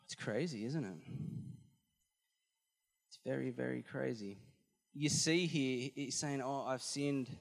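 Emphatic preacher in an echoing hall. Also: male voice, mid-range voice, slow, vocal fry, pauses often. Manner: animated, emphatic, repeats phrases for effect. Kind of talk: sermon. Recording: long hall reverb.

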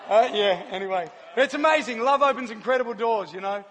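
A man from New Zealand with a New Zealand accent giving a sermon with a personal testimony, an animated storyteller who laughs often. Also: sits high, fast, some chatter behind, a little hiss or hum. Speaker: church speaker. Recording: long hall reverb.

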